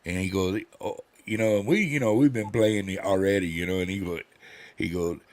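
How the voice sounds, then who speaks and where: A man's voice: low voice, brisk. An older man chatting casually, a rambling, folksy storyteller with a cantankerous drawl. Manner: rambling storyteller, folksy, acts out quoted voices. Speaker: host. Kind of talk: casual chat.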